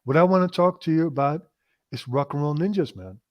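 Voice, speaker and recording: Excitable man hosting a casual stream. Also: a little high, brisk. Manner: interrupts often, profane, enthusiastic. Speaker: podcast host. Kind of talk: casual chat.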